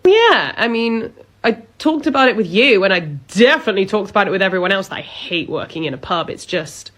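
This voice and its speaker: A woman playing a blunt, unbothered young British pub worker who talks in a flat, matter-of-fact way. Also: mid-range voice, a little fast. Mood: deadpan. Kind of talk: comedy sketch acting.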